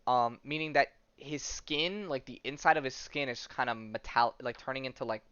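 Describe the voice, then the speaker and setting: A podcast host rambles through a casual chat, full of fillers and restarts, in a smooth, mid-range voice. He speaks at a moderate pace with a fairly bright tone, and the recording is dry and dull.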